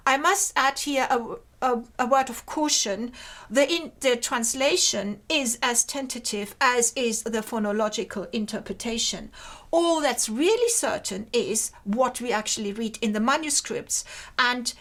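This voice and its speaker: A woman giving an academic lecture over slides. She explains each point step by step in a measured way and points to parts of the slide as she goes. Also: a little high, fairly bright tone.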